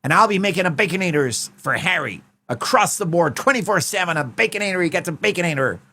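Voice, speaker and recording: A man putting on a loud, boastful burger-grill cook who shouts out who he is. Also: lively intonation, fast talker, heavily acted. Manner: shouty, high and self-announcing.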